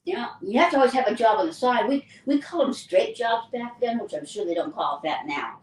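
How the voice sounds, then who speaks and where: An older woman, an actress, recounting her career in a lively, anecdotal interview style. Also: on the high side, fairly quick. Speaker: actress and guest. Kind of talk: casual interview storytelling. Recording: roomy distant mic with faint ambience.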